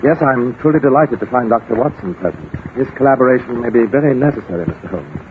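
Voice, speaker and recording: A man's voice: medium pitch, animated, quick pace, background noise, close to an everyday voice. A man playing a flustered, fussy English aristocrat in a 1940s radio drama, blustering and chuckling. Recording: tinny old 1940s radio broadcast.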